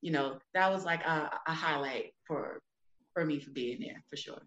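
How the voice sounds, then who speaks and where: A woman telling stories in a casual interview, animated and often laughing. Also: deep voice, moderate pace, echoey room, highs cut off, background noise. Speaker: interview guest, former wrestler. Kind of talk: casual storytelling.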